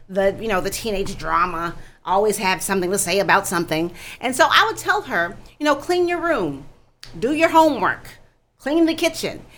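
Lively bright-voiced woman guest. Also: medium pitch. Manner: animated, expressive storytelling, laughs easily. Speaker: guest, founder of a kindness campaign. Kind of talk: talk show interview.

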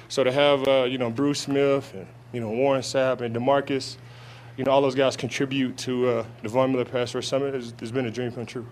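A man's voice: mid-range voice, flat delivery, slight background noise. A young adult man, a football player, answering reporters' questions at an outdoor training camp, often restarting his sentences with fillers. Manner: halting, many restarts and fillers. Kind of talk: press conference answers.

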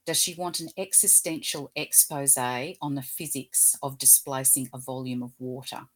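A woman's voice: rumbling low, steady tone, normal speed. A woman voicing a male house cat who sounds like a dry, lofty professor in a spoken anecdote.

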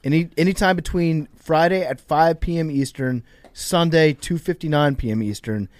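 Guy cohosting a podcast, bit higher voice, dry close mic, teasing banter. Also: normal speed, no room sound. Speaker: podcast co-host. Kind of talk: casual chat and read ad.

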